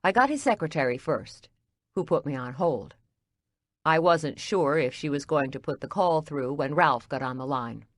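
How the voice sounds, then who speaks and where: Low-voiced woman narrating an audiobook. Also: lively intonation, moderate pace, no room sound. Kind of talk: first-person audiobook narration.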